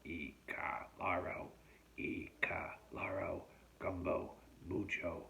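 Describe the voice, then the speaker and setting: A man's voice: deep voice, slow pace, slight background noise, heavily acted. A man whispering as a feverish, delirious TV survivalist. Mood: delirious vow. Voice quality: hushed, breathy whisper. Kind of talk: whispered role-play.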